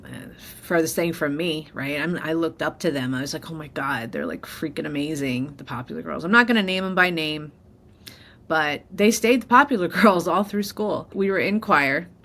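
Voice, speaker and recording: A woman's voice: sits low, normal speed, fairly bright tone, a little hiss or hum. A middle-aged woman host sharing a candid personal story, emotional and close to tears. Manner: emotional, candid, tearful at times. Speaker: podcast host.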